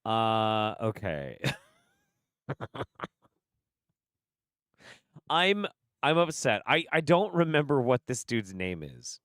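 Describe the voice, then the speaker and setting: A man's voice: mid-range voice, wildly swooping pitch, takes it slowly, long pauses, a bit bright, dry recording, studio quality. A man hosting a casual commentary stream, swearing and laughing, with an exasperated delivery. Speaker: streamer host.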